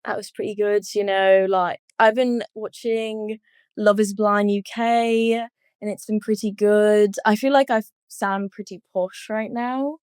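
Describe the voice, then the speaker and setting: A woman's voice: medium pitch, steady tone, a little slow, darkish tone, clean tone, no echo, clean studio sound. A young woman guest in a casual podcast interview, chatty and giggly. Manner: giggly, chatty, many fillers. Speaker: guest athlete.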